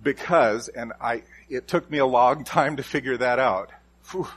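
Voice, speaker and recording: A man delivers a sermon as a pastor. His voice is husky with a slightly breathy edge. He presses his points hard, repeating key lines and moving the stress from word to word. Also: mid-range voice, measured pace, fairly bright tone. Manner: emphatic, repeats key phrases with shifting stress.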